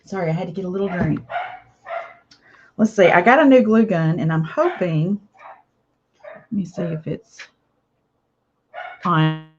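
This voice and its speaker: A woman's voice: lowish voice, a little slow, pauses often, slight background noise. A woman chatting casually to viewers while she makes a craft project, rambling from one thought to the next. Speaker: craft vlogger. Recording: slightly dull lo-fi audio.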